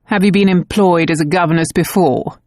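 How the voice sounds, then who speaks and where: A woman's voice: on the low side, a little fast, darkish tone, dry recording, studio quality, close to an everyday voice. A woman voicing a blunt, guarded aristocratic father who questions curtly. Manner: curt, brusque questioning.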